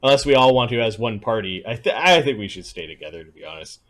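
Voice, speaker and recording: A man playing a tabletop game, decisive and planning out loud. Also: fairly low pitch, expressive, fast talker. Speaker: player. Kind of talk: casual tabletop game chat.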